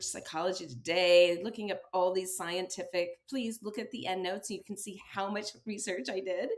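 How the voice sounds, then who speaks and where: A woman, an acting teacher and author, telling her story as an interview guest and acting out quoted exchanges with a laugh. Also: medium pitch.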